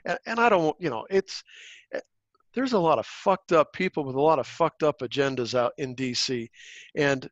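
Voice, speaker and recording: A blunt man with a slightly high voice, chatting on a podcast about politics. He swears easily and circles back through restarts as he talks. The sound is dry and a little dull and lo-fi. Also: normal speed, no echo. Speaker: podcast co-host. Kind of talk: casual political chat.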